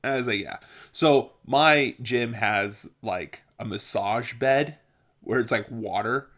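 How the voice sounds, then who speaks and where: A man's voice: medium pitch, slow pace, fairly bright tone. A young man vlogging, telling casual stories in a chatty way, swearing now and then and often breaking into laughter. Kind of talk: casual storytelling monologue.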